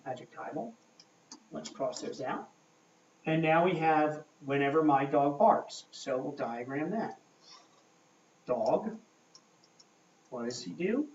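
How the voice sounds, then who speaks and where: A man teaching a grammar lesson at a board, talking slowly and checking in often with "okay?". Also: mid-range voice, darkish tone, a little hiss or hum. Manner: slow, checking in with frequent "okay?". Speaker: English teacher. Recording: echoey room, mic far off, dull lo-fi sound.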